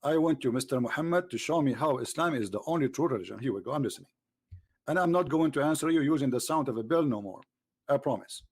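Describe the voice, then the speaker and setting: A man's voice: lively intonation, quick pace, breathy edge. A man hosting a heated live debate with a caller, mocking him and talking over him. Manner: mocking, talks over the caller, switches to a low aside voice. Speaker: host.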